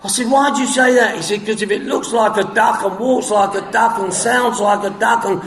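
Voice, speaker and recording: A man telling his story at a recovery meeting, acting out the dialogue with coarse humor and sudden shouts. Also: sits high, steady tone, normal speed. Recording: echoey hall with long reverb.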